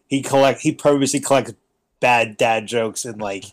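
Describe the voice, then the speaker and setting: A man's voice: medium pitch, moderate pace. A man who teaches, chatting as a podcast guest, telling stories animatedly with casual swearing and bad puns.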